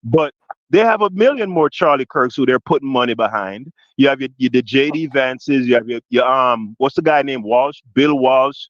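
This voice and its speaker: A man with a Jamaican accent, co-hosting a podcast, asking long winding questions full of restarts and "right?", growing louder and more forceful as he gets passionate. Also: medium pitch, moderate pace, no room sound, lo-fi sound. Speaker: podcast co-host. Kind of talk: heated political discussion.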